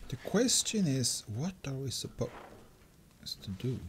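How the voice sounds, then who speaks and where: A gameplay commentator who gets excitable, shrieks and laughs often, swears casually and talks to the game creature. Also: mid-range voice, a little slow, slight background noise. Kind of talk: let's play commentary.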